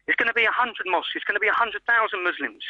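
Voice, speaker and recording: A man speaking as a radio interview guest, forceful and insistent, repeating his points for emphasis. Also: high voice, expressive, racing, no echo, lo-fi sound. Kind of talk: impassioned radio debate.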